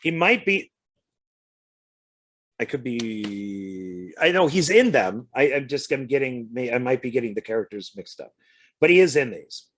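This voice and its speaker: A man's voice: medium pitch, lively intonation, measured pace, pauses often, a bit bright. A man co-hosting a casual film chat, chatty and hesitant, often stumbling over his words. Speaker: co-host.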